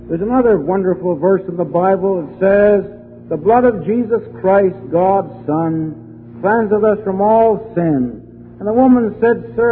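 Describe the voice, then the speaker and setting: A man preaching a fervent evangelistic sermon to a room, slowing down and stressing key words. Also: sits high, slight background noise. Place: hall with an audience. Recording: phone-like old recording in a long-reverb hall.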